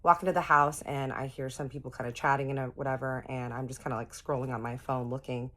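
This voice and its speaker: A young woman with a very low voice tells a storytime to her viewers. She is animated and profane, talking straight to the camera in a casual vlog. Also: quick pace. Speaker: vlogger.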